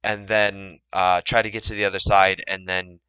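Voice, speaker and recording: Bright, smooth-voiced man playing a tabletop game. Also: low voice, level tone, normal speed, dry recording, poor audio. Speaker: player. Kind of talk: casual tabletop play chat.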